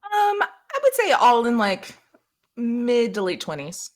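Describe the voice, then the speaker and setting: A woman's voice: fairly high pitch, huge pitch swings, takes it slowly. A woman running a tabletop game as game master, narrating casually and laughing often.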